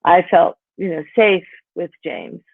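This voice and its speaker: Very animated yet a little slow, with vocal fry and a slightly rough, lowish voice, a Pennsylvania author in her sixties rambles through casual stories of her life. She uses "you know" and "like" frequently; the recording is dry and tinny, like a phone call.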